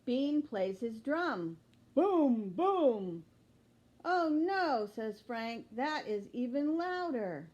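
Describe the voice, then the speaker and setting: A fussy, grumpy loner who just wants peace and quiet, as a woman reading a storybook aloud puts him on. He speaks slowly and fussily, in a fairly high voice, with exclamations when he is bothered. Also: very animated, dull audio. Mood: alarmed.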